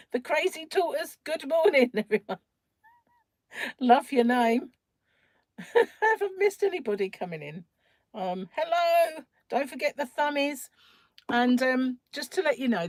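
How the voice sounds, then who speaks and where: A woman's voice: medium pitch, dry recording, clean studio sound. Chatty woman live-streaming crochet. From England, North London. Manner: chatty, laughs often, greets viewers by name. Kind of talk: casual live-stream chat.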